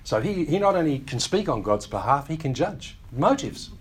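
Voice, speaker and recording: A male pastor preaching a sermon, teaching in a conversational way with wry asides and quick acted-out quotes of other people. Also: a little high, very animated, slightly rough.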